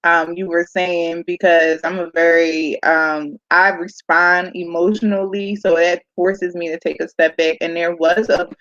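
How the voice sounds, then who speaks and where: A woman's voice: fairly low pitch, flat delivery, a little slow, few pauses, a bit bright, no room sound. A woman speaks candidly about her own parenting in casual panel talk, leaning on "like". The sound is dry and a little dull, as over a video call. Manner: candid, frequent "like".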